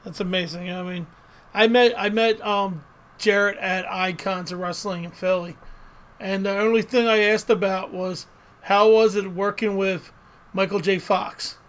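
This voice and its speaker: A man's voice: high voice, steady tone, unhurried. A man co-hosting a casual podcast interview, asking chatty questions like an eager fan and laughing easily.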